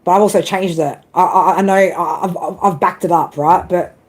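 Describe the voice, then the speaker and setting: A woman's voice: on the low side, fairly even intonation, normal speed. Swearing, rambling woman tarot reader. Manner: profane, rambling, peppered with "right?" and "man"; frequent laughs and self-corrections. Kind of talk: casual live tarot reading.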